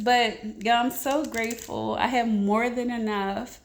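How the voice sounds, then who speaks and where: A woman talks straight to her viewers in a loose, rambling vlog. Her voice sits a little high, and she comes across as emotional and earnest as she shares her testimony. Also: fairly even intonation, slow pace, hardly any pauses. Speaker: vlogger sharing a testimony. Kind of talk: casual heartfelt chat to camera.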